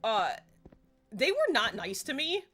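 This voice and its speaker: Bright-voiced chatty woman streamer. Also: a little high, huge pitch swings, a little slow. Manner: chatty, rambling, laughs often. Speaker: game streamer. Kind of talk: casual live-stream chat. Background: faint game music.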